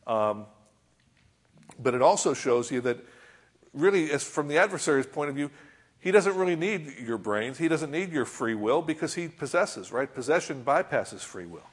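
A man preaching a sermon with a husky, slightly breathy voice. He talks through scripture in a conversational way. He keeps checking in with his listeners through rhetorical questions. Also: on the high side, lively intonation, moderate pace. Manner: reads scripture aloud and comments on it.

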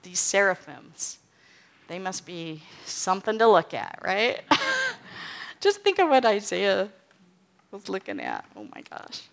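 Woman teaching scripture, slow and conversational. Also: mid-range voice, huge pitch swings, creaky, a bit bright. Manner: reads scripture aloud with emphasis, then explains casually with "okay?" and "right?". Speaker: Bible teacher. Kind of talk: informal Bible teaching.

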